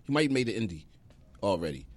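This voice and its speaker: A man's voice: lowish voice, sing-song, quick pace. A man co-hosting a casual chat show, talking in a laid-back, slangy, rambling way. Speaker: co-host.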